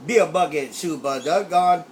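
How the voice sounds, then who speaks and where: A man's voice: a little high, normal speed. A man chatting playfully on CB radio, tossing in a quacking catchphrase. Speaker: CB radio operator. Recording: CB radio with light static.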